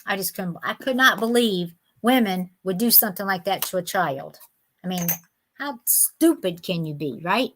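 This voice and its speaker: A woman's voice: medium pitch, expressive, normal speed, slight background noise. A middle-aged woman, chatting with viewers by name while hosting a live sale, indignant and talkative. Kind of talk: casual live-stream chat.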